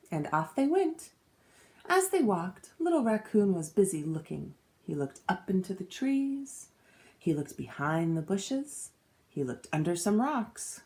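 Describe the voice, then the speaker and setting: Slow, very expressive woman reading a storybook. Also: mid-range voice. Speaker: teacher. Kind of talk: storybook read-aloud.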